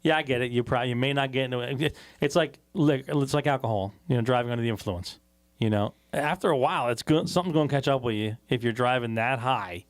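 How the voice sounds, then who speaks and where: A man co-hosting a podcast in casual chat, telling a story in a profane, animated way and acting out the quotes. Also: mid-range voice, fast talker. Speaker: podcast co-host.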